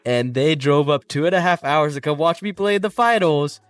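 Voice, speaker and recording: A man's voice: on the high side, animated, moderate pace, smooth, no room sound. A young man co-hosting a casual podcast, telling stories in a laid-back way and swearing now and then. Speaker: podcast co-host. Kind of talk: casual chat. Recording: slightly distant mic, dry room, faint music.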